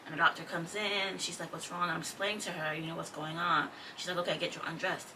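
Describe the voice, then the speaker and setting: Low-voiced young woman telling a story. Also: little pitch movement, quick pace. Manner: conversational, lots of "like" and quoted speech. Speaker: vlogger. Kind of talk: casual storytelling to camera. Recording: distant mic with faint background noise.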